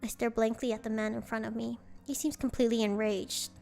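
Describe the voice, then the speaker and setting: A woman's voice: a little high, fairly even intonation, a little fast, gravelly, a little mellow, soft background music. A woman streamer reading a visual novel aloud, breaking off to react with dismay.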